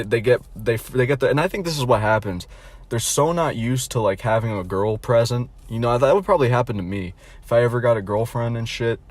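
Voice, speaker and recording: A young adult vlogger with a voice on the low side rants through a casual story. He's blunt and derisive, wandering off with lots of filler words, restarts, and regular swearing.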